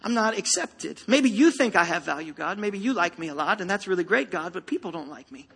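Speaking straight to the people in the pews, this pastor delivers a stirring, emphatic sermon in a church sanctuary. His fast, high-sitting voice is gravelly and slightly rough, a bit bright, with lively intonation. The recording carries the long echo of a big hall.

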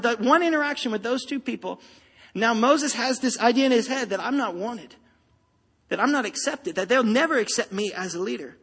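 A man's voice: very high voice, bright, forceful tone, husky. A man preaching a sermon to a congregation, emphatic and rousing, speaking straight to the listeners. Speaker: pastor. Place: church sanctuary. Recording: long reverb of a large hall.

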